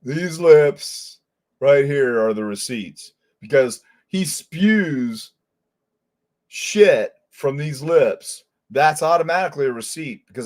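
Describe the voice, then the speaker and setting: A man's voice: a little high, expressive, slow pace, darkish tone. A man hosting a commentary show as a former detective. He rants in a heated, profane way. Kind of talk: angry commentary.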